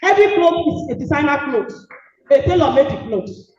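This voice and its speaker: A middle-aged woman with a Nigerian accent giving an emphatic, preachy motivational speech, repeating maxims and sometimes shouting. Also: high-pitched, expressive, fairly quick, a little hiss or hum. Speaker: guest speaker. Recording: echoey hall, distant dull mic.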